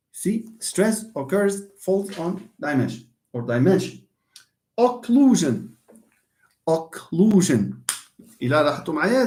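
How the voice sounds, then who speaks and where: A man's voice: on the high side, a little mellow. A man with a Moroccan accent giving a classroom lecture as a university English teacher, mixing in Arabic and French and repeating key words for emphasis.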